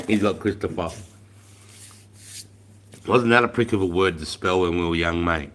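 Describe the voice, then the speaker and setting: An Australian man in his forties, chatting casually on a livestream, blunt and rambling, swearing freely, calling everyone mate, and often trailing off quietly. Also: low-pitched, normal speed. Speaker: livestream host.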